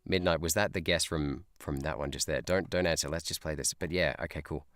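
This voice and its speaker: A man's voice: extremely low pitch, fairly even intonation, fairly quick, a bit bright, no echo, clean studio sound. A man who is a teacher, streaming a guessing game live, thinking aloud in a chatty way and laughing often. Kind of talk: live gameplay chat.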